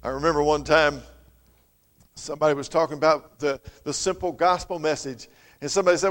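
A man preaching a sermon, his earnest delivery swelling loud and then dropping soft. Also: on the high side, steady tone, brisk, in a large hall.

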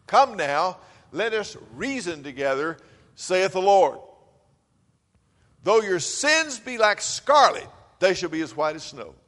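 A man preaches a sermon in a fairly high voice, alternating between loud, urgent appeals and low, quiet stretches, his words lingering in a big hall's long reverb.

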